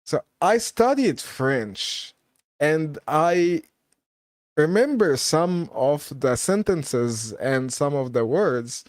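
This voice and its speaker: Man, casual live-stream host, slow unhurried delivery, mid-pitched voice, dry close sound. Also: expressive, no echo. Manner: chatty, laughs often, reads viewer comments aloud.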